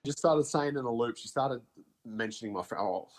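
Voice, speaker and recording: A man in his thirties with an Australian accent, telling a ghost story as a podcast guest in a halting, hesitant way with many fillers. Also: medium pitch, a little hiss or hum. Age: 30s. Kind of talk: casual storytelling.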